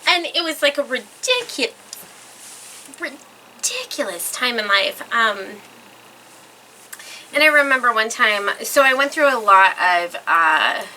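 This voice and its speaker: A young woman artist telling stories about her life in a rambling, animated way, full of fillers, on a casual podcast. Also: fairly high pitch, measured pace, long pauses. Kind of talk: casual storytelling interview. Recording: distant mic in a noisy room.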